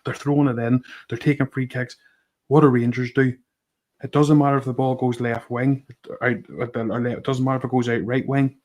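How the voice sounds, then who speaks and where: A man's voice: medium pitch, flat delivery, fairly quick, darkish tone. A man on a podcast complaining about his team, exasperated and mocking. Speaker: podcast co-host. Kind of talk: casual football chat.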